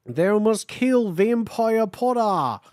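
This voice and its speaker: A villainous dark wizard growls out mock-archaic threats in a deliberately bad Australian accent, as a woman puts him on. The delivery is slow and swooping, hammed up for laughs. The sound is dry and close. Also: mid-range voice, sing-song, no room sound. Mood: commanding. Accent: put-on Australian. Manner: mock-archaic, exaggerated and theatrical. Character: evil noseless male dark wizard villain.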